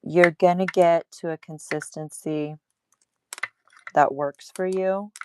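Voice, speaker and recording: A woman's voice: lowish voice, fairly even intonation, slow pace, mellow, a little hiss or hum. A woman hosting a casual livestream craft demo at her table, chatty and laughing at herself.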